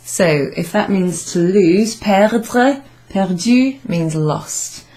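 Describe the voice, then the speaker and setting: A woman teaching a French grammar class, patiently repeating and modelling French phrases slowly. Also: medium pitch, animated, warm tone. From Wales. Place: pub function room, indoors.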